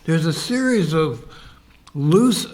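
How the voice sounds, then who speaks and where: A man co-hosting a casual podcast speaks slowly in a higher, slightly mellow voice with lively intonation. He's reflective, explaining his points with examples and acting out little quoted exchanges.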